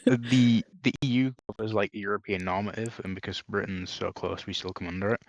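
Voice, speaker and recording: A man's voice: lowish voice, steady tone, brisk, dry recording. A man in casual podcast chat, rambling and self-mocking, often breaking into laughter. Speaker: podcast guest.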